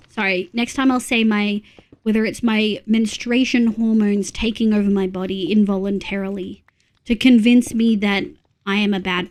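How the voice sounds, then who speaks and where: A woman with an Australian accent, chatting casually and giggling as she talks to her live-stream viewers, swearing freely. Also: mid-range voice.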